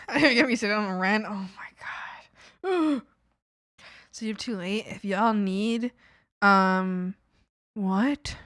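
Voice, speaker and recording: A woman's voice: mid-range voice, slow, long pauses, a bit bright, no echo, studio quality. A woman streamer in casual livestream chat, talking in a playful, rambling, goofy way.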